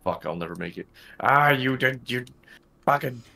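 A man's voice: medium pitch, expressive, normal speed, gravelly, bright, forceful tone. A man streaming a game, chatting casually, swearing often and talking his partner through the game. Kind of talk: casual gaming chat.

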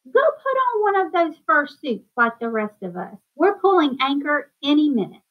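A woman's voice: big pitch swings, moderate pace. A woman doing a roaring, bossy ship admiral. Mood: hearty insistence. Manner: booming, insistent. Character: gruff male ship admiral, bossy and hearty. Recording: dull lo-fi sound.

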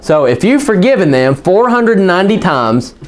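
High-voiced pastor guy preaching, jokey then fired up, voice jumps all over, church crowd chiming in. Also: very animated, normal speed. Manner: folksy, joking, rising to fervent preaching. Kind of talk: sermon. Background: congregation calling out amens.

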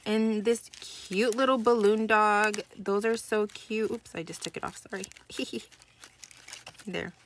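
A woman's voice: mid-range voice, steady tone, takes it slowly, slight background noise. A young adult woman hosting a casual crafting vlog, gushing and chatty as she opens a package. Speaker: crafting channel host.

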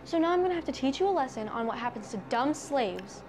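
A woman's voice: high voice, lively intonation, fast, noisy background. An actress playing a spoiled, cruel rich girl who bosses a maid around in a scripted skit. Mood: haughty. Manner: haughty, commanding. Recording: background music under dialogue.

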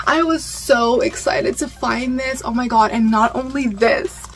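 Bubbly high-voiced young woman gushing. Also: fairly even intonation, moderate pace, few pauses, fairly bright tone. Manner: bubbly and gushing, many fillers and squeals. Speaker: vlogger. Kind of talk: casual haul vlog.

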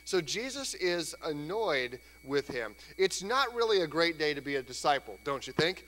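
A man preaching a sermon in a church, conversational and lively, sometimes acting out voices. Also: fairly high pitch, normal speed, hardly any pauses. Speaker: pastor. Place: church sanctuary. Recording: church hall reverb, faint hum.

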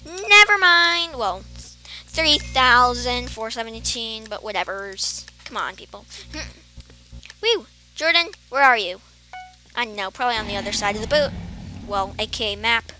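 A woman's voice: a little high, measured pace, sharp tone. A woman rambling through casual gameplay commentary, giggling and making playful beeping sound effects. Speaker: gamer commentating her play. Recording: faint game music behind.

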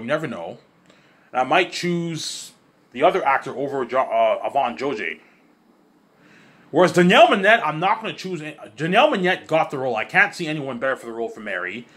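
A man with a medium-pitched voice delivers an excitable, rambling vlog monologue in a casual tone. He swears freely and keeps stumbling and starting his words over.

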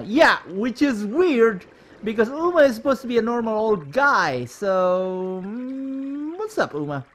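A man's voice: extremely high pitch, sing-song, unhurried, a bit bright. A man giving chatty, reactive commentary while playing a video game. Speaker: let's play host. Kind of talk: let's play commentary.

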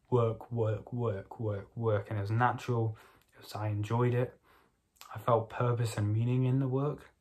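Young man, mid-pitched, self-filmed vlog: rambling, sweary, motivational monologue. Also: a little mellow. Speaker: vlogger. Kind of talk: casual late-night monologue.

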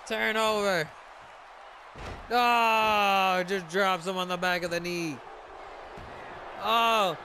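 A man giving excited play-by-play commentary on a wrestling video game match, shouting at the big moves. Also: high-pitched, drawn-out words, long pauses, a faint crowd, slight background noise, low-quality recording.

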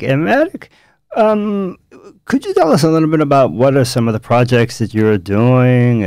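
A man with a fairly low voice hosting a radio talk show, easygoing and conversational. He is recorded close on a studio microphone with a dry sound and no room echo. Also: darkish tone, clear, resonant tone. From United States. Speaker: radio host.

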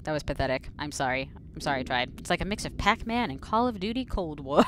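A young woman with a deep voice plays a horror game, joking to herself and her viewers in casual commentary. She's animated and fairly quick, with few pauses.

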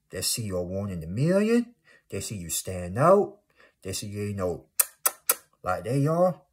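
Husky, emphatic motivational vlogger man. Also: fairly low pitch. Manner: emphatic, repetitive, exclaiming. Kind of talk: casual motivational vlog.

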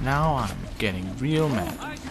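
A man's voice: medium pitch, animated, takes it slowly, very noisy. A man giving casual let's-play commentary, jumpy and self-mocking, pleading with and talking to the game's characters. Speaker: gameplay commentator.

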